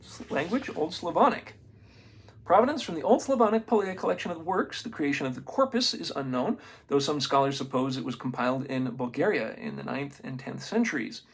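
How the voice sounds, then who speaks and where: A man reading a book aloud in a casual, unprofessional way, stumbling over names and adding excited comments of his own. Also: a little high, husky. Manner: reads haltingly, stumbles on names, adds excited asides. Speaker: amateur reader of a book.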